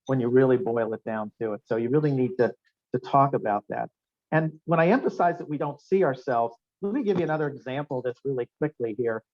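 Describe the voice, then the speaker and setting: Brief: male keynote speaker, upbeat storyteller, lo-fi restaurant event recording. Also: mid-range voice. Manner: animated storyteller, quizzes the audience with questions. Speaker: guest speaker. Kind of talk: anecdotal seminar talk. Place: restaurant function room. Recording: dull lo-fi room recording.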